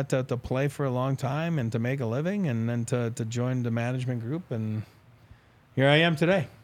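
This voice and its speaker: Middle-aged man, ex-player guest, rambling storyteller, casual podcast talk. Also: medium pitch. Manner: rambling, animated anecdotes with quoted dialogue and laughs. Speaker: former pro hockey player, new team reporter.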